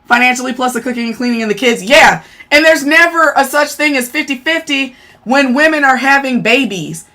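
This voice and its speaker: A woman's voice: sits high, a little fast, bright, forceful tone. A woman hosting a live stream, talking bluntly and profanely in a casual rant, answering her chat.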